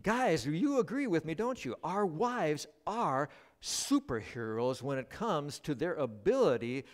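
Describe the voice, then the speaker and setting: At a church service, a middle-aged guest pastor with a slightly high voice preaches an unhurried sermon. He's an animated storyteller who jokes with the congregation.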